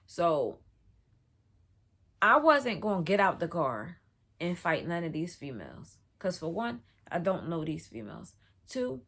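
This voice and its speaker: A young woman, telling a personal story in a casual, profane, animated way and acting out the people she quotes. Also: vocal fry, husky. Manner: animated, profane, acts out quotes with big pitch jumps.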